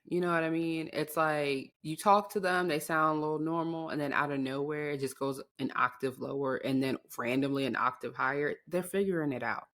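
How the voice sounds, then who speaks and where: A young woman co-hosting a podcast in casual chat, speaking in a deep, monotone, matter-of-fact way. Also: a little fast, few pauses. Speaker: podcast co-host.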